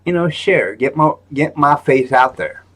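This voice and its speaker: A man's voice: a little high, expressive, unhurried, a bit bright. Rambling, joking man on a live stream. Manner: rambling, lots of fillers and restarts; joking, self-mocking. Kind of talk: casual live-stream chat.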